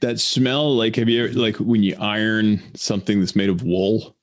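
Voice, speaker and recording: Low-voiced man, rambling podcast chat. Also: steady tone. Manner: rambling, halting, laughs often. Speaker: podcast co-host. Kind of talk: casual chat.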